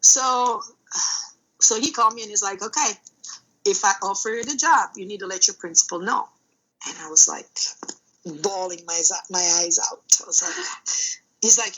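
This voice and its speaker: A woman, a middle school art teacher, telling energetic stories in a casual podcast interview. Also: mid-range voice, moderate pace, long pauses, breathy edge, low-quality recording. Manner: energetic and loud, animated retelling. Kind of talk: casual conversational storytelling.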